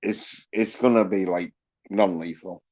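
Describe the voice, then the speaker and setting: A man's voice: sits low, steady tone, unhurried, darkish tone, highs cut off. A man hosting a livestream, ranting in a rambling, boastful way with constant swearing. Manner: profane, boastful, laughs at own jokes. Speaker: livestream host.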